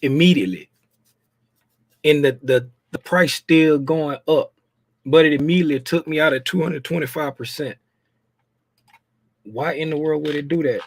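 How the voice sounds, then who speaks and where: A man's voice: a little high, moderate pace, long pauses, dry recording. Frustrated man muttering while trading. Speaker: trading channel host. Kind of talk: casual live commentary while trading.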